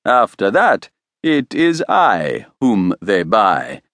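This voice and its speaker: A man's voice: on the low side, wildly swooping pitch, slow pace, a bit bright, no echo, full character voice. A male narrator voicing a scheming foreign inventor with a velvety voice, an obsequious manner and a faint foreign accent. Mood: smug, oily. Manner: obsequious, smug.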